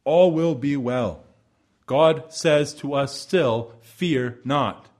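Male pastor, slightly high voice, earnest sermon delivery with emphatic rises and soft endings. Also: slow.

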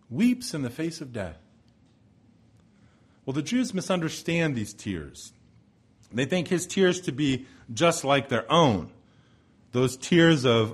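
Preaching man with a fairly high voice. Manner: dramatic shifts between forceful emphasis and hushed pauses. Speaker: pastor. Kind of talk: expository sermon.

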